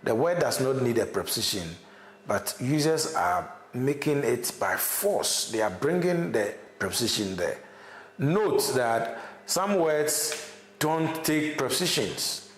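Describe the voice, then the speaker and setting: A man's voice: medium pitch, expressive, takes it slowly. A male university lecturer, teaching an online class, repeating his examples and checking in with "okay?". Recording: echoey room.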